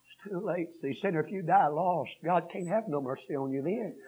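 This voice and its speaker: A man preaching a revival sermon, swinging from hushed storytelling to shouted 'uh'-punctuated cadences. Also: a little high, moderate pace, husky. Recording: dull lo-fi sermon recording.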